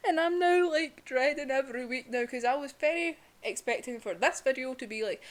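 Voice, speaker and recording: A woman's voice: high voice, moderate pace. A young woman, ranting casually and emotionally in a vlog, laughing often and swearing. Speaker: vlogger reviewing manga.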